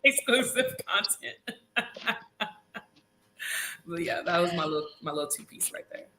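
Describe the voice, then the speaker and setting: A woman in her thirties telling a dramatic story in a casual interview, animated and talking straight to viewers. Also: fairly low pitch, moderate pace. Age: 30s. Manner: animated, dramatic, addresses audience as y'all. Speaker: reality show cast member, guest; nurse.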